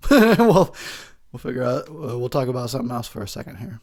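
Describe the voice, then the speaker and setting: A man's voice: medium pitch, big pitch swings, moderate pace. A man, drunk, giving a rambling, crude commentary over a movie, laughing often as he talks.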